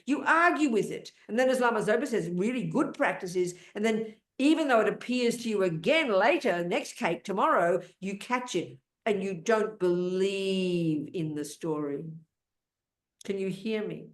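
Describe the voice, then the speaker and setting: A woman's voice: medium pitch, expressive, moderate pace. An older woman teaching Buddhist ideas in a blunt, emphatic way, cutting in on her student with questions. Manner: blunt, interrupting, emphatic, talks over the questioner. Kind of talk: dharma teaching, question and answer. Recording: roomy echo.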